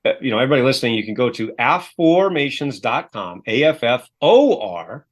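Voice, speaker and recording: A man who is a self-help author and coach, a lively storyteller who acts out the voices he quotes, speaking as a guest in a podcast interview. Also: medium pitch, a little fast.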